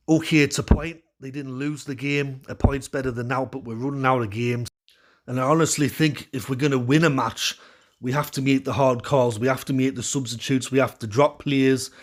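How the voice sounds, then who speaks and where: A man talks through a post-match reaction in a loose, opinionated monologue. His tone runs frustrated, with fillers and restarts along the way. His pitch sits in an ordinary middle range for a man. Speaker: football fan channel host.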